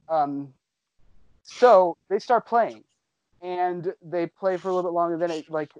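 A man hosting a casual podcast, excitedly recapping a show for friends and swearing freely. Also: sits high, takes it slowly, no echo, dull audio.

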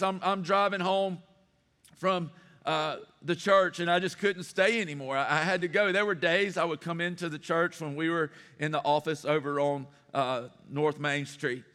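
A man's voice: a little high, steady tone, moderate pace, bright, forceful tone, smooth. A middle-aged man, a pastor preaching a sermon in an earnest, personal way with emphatic repetition. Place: church sanctuary. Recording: long hall reverb.

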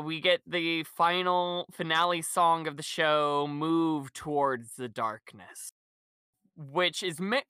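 A man chatting casually on a podcast, wandering through his thoughts with lots of fillers and laughter. His voice is bright and smooth, and the sound is dry and close. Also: fairly high pitch, no echo. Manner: rambling, laughs often, many fillers. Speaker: podcast co-host. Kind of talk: casual chat recapping a musical.

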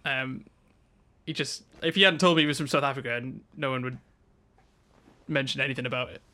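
A man's voice: medium pitch, fairly even intonation, brisk, sharp tone. A young English man co-hosting a casual podcast, telling a funny story and bantering with his friend. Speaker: podcast co-host. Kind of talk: casual chat.

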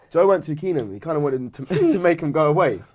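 A man's voice: fairly high pitch, animated, brisk, darkish tone, husky. A man, chiming in eagerly with a story in a casual chat.

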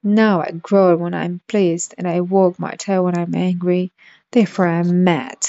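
A woman voicing a grinning, calm and riddling cat in a storybook reading, unhurried and matter-of-fact, on a dull lo-fi recording. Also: fairly low pitch, no room sound.

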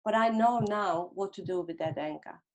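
A middle-aged woman hypnotherapist talks in a gentle, reflective way, with a voice of ordinary middle pitch. She sometimes steps into short inner dialogues to show a point. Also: normal speed. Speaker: hypnotherapist guest. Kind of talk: conversational interview.

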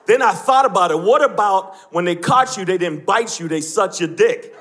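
A man's voice: high-pitched, expressive, moderate pace, hardly any pauses, fairly bright tone, slight background noise. A male stand-up comedian performing live on a club stage, brash and profane, needling the audience between jokes. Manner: brash, profane, confrontational with the crowd. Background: audience laughter and room ambience.

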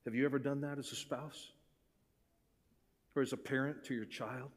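A male pastor delivering a sermon, swinging between hushed, intimate passages and forceful, rising appeals. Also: medium pitch, fairly even intonation, moderate pace, big-room sound.

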